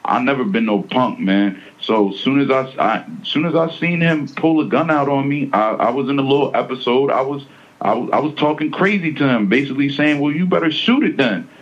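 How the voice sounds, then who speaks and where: A man's voice: medium pitch, fairly quick, dull audio. A man being interviewed, talking casually and emphatically, with slang and many repeats. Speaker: interviewee, defendant. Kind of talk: casual interview over a phone line.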